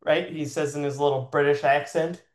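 A man's voice: a little high, fairly even intonation, moderate pace, echoey room. A man improvising a comic story in a rambling way, full of fillers. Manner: rambling with frequent "like" fillers and laughs.

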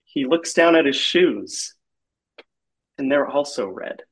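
A man telling a rambling comic story in a halting way, full of "like" and restarts, as he describes absurd scenes. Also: mid-range voice, expressive, fairly bright tone, slightly rough.

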